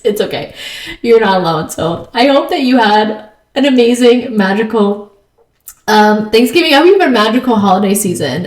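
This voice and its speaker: A woman's voice: a little high, reverberant, recorded from a distance. A woman host telling stories in a casual chat, filling her talk with little fillers and laughing as she goes. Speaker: podcast host.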